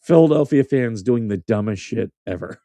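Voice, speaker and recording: A man's voice: mid-range voice, animated, moderate pace, mellow, dry recording. Blunt, profane man hosting a show. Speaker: host. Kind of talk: casual commentary on news clips.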